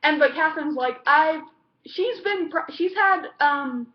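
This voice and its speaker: High-voiced rambling woman reviewer. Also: lively intonation, moderate pace, highs cut off. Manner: rambling, with many fillers and restarts. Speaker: TV episode reviewer. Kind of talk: casual chat.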